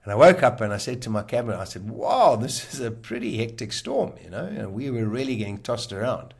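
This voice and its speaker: A man, a guest on a podcast, telling a personal story in a vivid, animated way and acting out the lines people said. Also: medium pitch, brisk, vocal fry.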